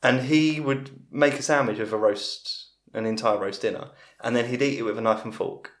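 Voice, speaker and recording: A man's voice: mid-range voice, steady tone, moderate pace. Rambling man in his forties. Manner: rambling, self-interrupting storyteller. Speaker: guest. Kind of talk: casual storytelling in a podcast interview. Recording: roomy podcast recording.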